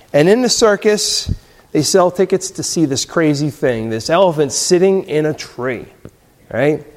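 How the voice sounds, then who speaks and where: A man's voice: fairly high pitch, a little mellow, long reverb tail. A man giving a sermon in a casual, conversational way, often checking in with the listeners. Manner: conversational, tags lines with "right?" and "you know". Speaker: pastor.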